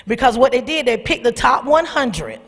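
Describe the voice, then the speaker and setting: Animated, husky woman telling her story. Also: fairly high pitch, moderate pace. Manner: animated storytelling, calls out to the audience. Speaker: speaker at a church youth service. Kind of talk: personal testimony to young people. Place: church sanctuary. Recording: long hall reverb.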